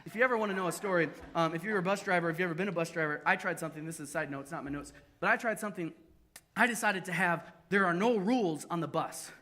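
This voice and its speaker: A young adult man preaching a sermon at a church service, telling stories lively with self-deprecating humor. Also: high voice, rapid-fire, slight background noise. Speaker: pastor.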